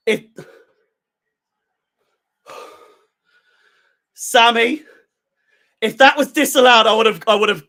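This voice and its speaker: A hoarse man, hosting a live match watchalong for a fan channel, swearing heavily and swinging between low muttering and screaming. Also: sharp tone.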